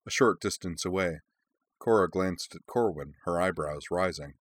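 A man narrating an audiobook in a measured, even reading. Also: low-pitched, dry recording, clean studio sound.

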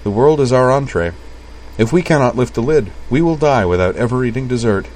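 A man reading aloud and voicing a precise, studious young man in a quiet, matter-of-fact way. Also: medium pitch, animated, fairly quick, pitched above the performer's own voice, close to an everyday voice.

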